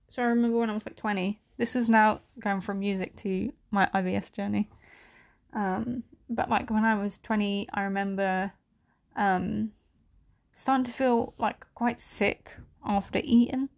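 A woman's voice: medium pitch, fairly even intonation, normal speed, vocal fry, darkish tone. Young woman doing a solo podcast, rambly, lots of "like", swears, a bit teary. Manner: rambling, many "like" fillers and swearing; emotional, voice near tears at times. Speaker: podcast host. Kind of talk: candid solo podcast monologue.

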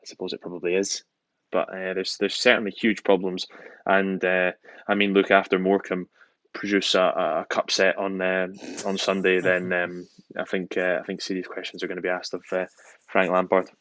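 A man with a very deep voice co-hosts a casual football chat. He hesitates often, filling gaps with ums and repeats. His voice sounds dry and close to the mic. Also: completely flat delivery, normal speed, a bit bright, dry recording. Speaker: podcast co-host.

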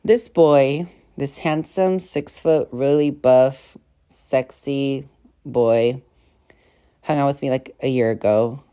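A woman's voice: very deep voice, fairly even intonation, slow, dark tone, clear, resonant tone. A young woman hosting a podcast, telling stories in a rambling, profane, casual way full of fillers. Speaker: podcast host. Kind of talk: casual storytelling chat.

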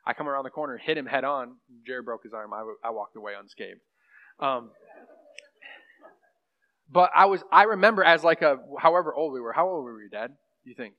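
A young pastor's mid-range voice moves a little fast as he teaches about prophecy. His sermon-style talk is loose and wandering, packed with fillers and asides to the class, captured in a muffled lo-fi room.

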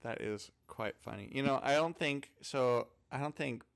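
A man's voice: medium pitch, normal speed, vocal fry. Playful young married man chatting. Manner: playful, laughing reactions. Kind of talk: casual chat.

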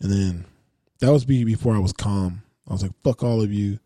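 A man's voice: lowish voice, a little fast, mellow, no room sound, studio quality. A man co-hosting a podcast, telling stories in a blunt, profane, joking way. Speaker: podcast co-host. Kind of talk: casual chat.

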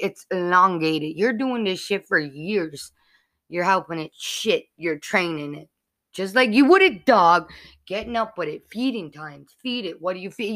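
A woman's voice: mid-range voice, bright, forceful tone. A woman hosting her own podcast, ranting crudely and heatedly, repeating herself for emphasis. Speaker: podcast host. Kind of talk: profane comedic rant.

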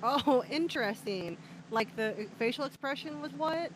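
A woman's voice: high voice, expressive, normal speed, a little hiss or hum. A woman hosting a mock true-crime podcast, chatty, with stumbling phrasing and frequent giggles. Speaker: host.

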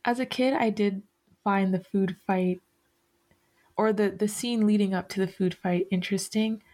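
A woman's voice: medium pitch, fairly even intonation, normal speed, mellow. A woman hosting a podcast in casual chat, rambling and correcting herself often, with many fillers. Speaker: podcast host.

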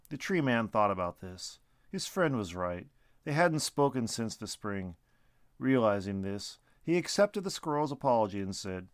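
Expressive male storyteller, dry close read. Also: lowish voice, moderate pace, no echo. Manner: expressive, lively reading. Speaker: narrator. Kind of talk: storybook narration.

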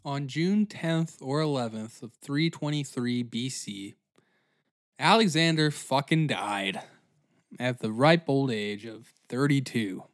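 A man's voice: medium pitch, takes it slowly. A man hosting a comedic history podcast, riffing with profanity and frequent laughter. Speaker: podcast host.

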